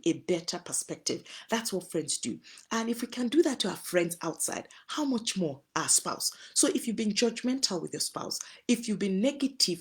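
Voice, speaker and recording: A woman's voice: mid-range voice, breathy edge. A woman from Nigeria giving earnest, advising talk on friendship in marriage, using homely examples. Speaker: host. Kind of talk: relationship talk to listeners.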